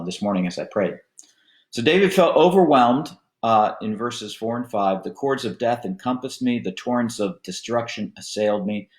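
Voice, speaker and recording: A man with a slightly low voice teaches a Bible study as a pastor, speaking slowly and conversationally with little ums and uhs. The sound is roomy, with an echo around him. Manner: unhurried, conversational teaching with filler words.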